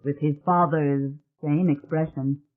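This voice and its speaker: A narrator giving a steady, dramatic reading of a suspense audiobook. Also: mid-range voice, unhurried. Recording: tinny phone-like sound.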